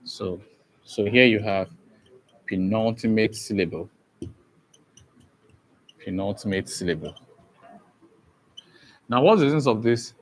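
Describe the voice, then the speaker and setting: A man's voice: lowish voice, unhurried, long pauses, slight background noise. A man giving an exam-prep lesson who keeps asking the class questions and repeating key points. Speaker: teacher.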